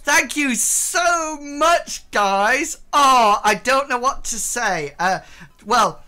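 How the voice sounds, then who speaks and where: A woman's voice: sits high, expressive, extremely slow, bright, forceful tone, soft background music. A woman streaming a game live, exclaiming often and getting emotional as she thanks viewers. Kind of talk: live charity gameplay stream.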